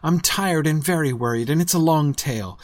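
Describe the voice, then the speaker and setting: A man's voice: fairly high pitch, normal speed, no echo, lightly acted. A man reading aloud as a tired, worried young hobbit who speaks earnestly. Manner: earnest, weary.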